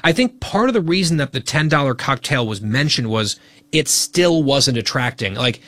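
A man hosts a radio talk show in a mid-range voice, quick and teasing as he banters. The studio sound is dry and close. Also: mid-range voice, expressive, fairly bright tone, no room sound.

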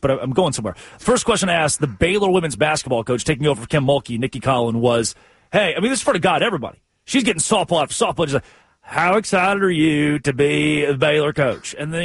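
Husky, high-pitched sports talk co-host, very animated storyteller, dry close sound. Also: male voice, no echo. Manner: animated storyteller, acts out quotes with big pitch jumps.

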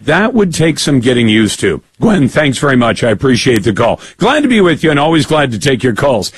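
A man's voice: medium pitch, big pitch swings, brisk, hardly any pauses, slight background noise. A man hosting a call-in radio talk show, chatting easily with a caller.

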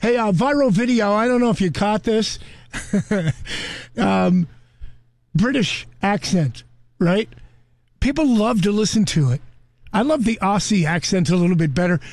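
A man's voice: sits high, measured pace, pauses often, darkish tone, no echo. A man hosting a morning radio show, talking in a loose, chatty way with frequent fillers and asides. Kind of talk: casual radio chat. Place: radio studio. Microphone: studio microphone.

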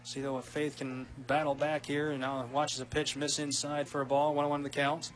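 A man doing play-by-play radio commentary of a softball game, quick and rising with big plays. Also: a little high, little pitch movement, soft background music. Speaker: play-by-play announcer.

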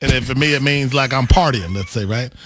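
A man's voice: mid-range voice, fairly quick, fairly bright tone, slight background noise. A man co-hosting a casual chat, playful and teasing, laughing often as he riffs on regional words.

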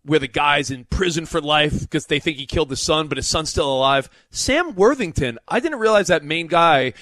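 A man's voice: a little high, lively intonation, normal speed, fairly bright tone, no echo, studio quality. A man co-hosting a sports radio show, telling stories in chatty, stumbling banter. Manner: chatty storyteller, stumbling restarts.

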